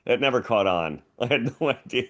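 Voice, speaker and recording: A man's voice: mid-range voice, animated, fairly quick, a bit bright. A male comedian on a radio panel rambles along in a self-mocking way. He starts and stops his sentences, circling back to restart them. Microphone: studio mic.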